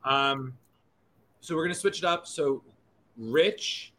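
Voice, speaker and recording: Speaking slowly in a slightly high, bright voice with a forceful edge, this male podcast host chats casually. He wanders off on tangents, swears freely and keeps correcting himself.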